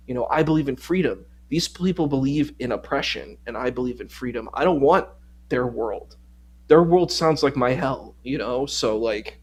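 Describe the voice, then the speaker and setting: Animated man telling a story. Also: a little high, breathy edge. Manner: animated storytelling, voice rising when indignant. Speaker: guest. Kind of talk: casual debate-stream chat.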